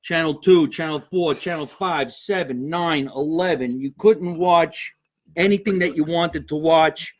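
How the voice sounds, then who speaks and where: Male New comic host, profane, quick jokes, slightly high pitch. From New York. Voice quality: brash, profane, jokey. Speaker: comedian host. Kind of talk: live comedy podcast banter.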